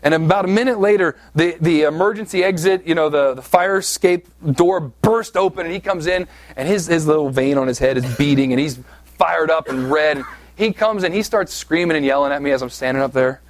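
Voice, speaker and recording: A man's voice: on the high side, fairly quick. A man from southeast Pennsylvania preaching a sermon, telling a personal story in a conversational, self-deprecating way with frequent "right?" asides. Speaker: pastor.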